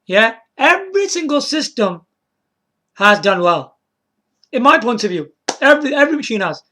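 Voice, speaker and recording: A man's voice: extremely high pitch, very animated, normal speed, pushed and bright. A man casually talking through a solo video, rambling, repeating words and checking in with the viewer. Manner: chuckles to himself and apologizes. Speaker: video game vlogger.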